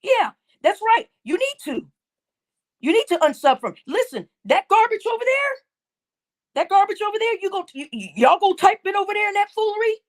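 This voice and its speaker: A woman's voice: extremely high pitch, big pitch swings, moderate pace. A woman hosting a livestream, scolding her viewers in a heated, indignant rant and repeating her points. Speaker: livestream host.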